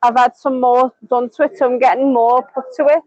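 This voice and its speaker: A woman with a high voice, chatting casually on a live stream. She rambles from one thing to the next, fills gaps with "um" and "like", and restarts her sentences. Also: steady tone, a little fast, a little mellow, no echo, lo-fi sound. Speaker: vlogger.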